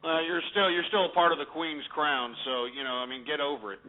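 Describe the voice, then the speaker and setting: A man's voice: on the high side, fairly even intonation, brisk. A man hosting a call-in radio show, arguing hard with a caller and talking over him. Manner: combative, talks over the caller. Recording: tinny lo-fi radio broadcast.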